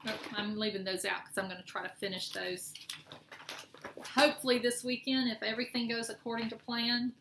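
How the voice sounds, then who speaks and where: A middle-aged woman with a somewhat high voice and fairly even intonation speaks at a moderate pace. In her cross-stitch vlog she chats casually, rambling and correcting herself while presenting projects, in an echoey room with faint noise.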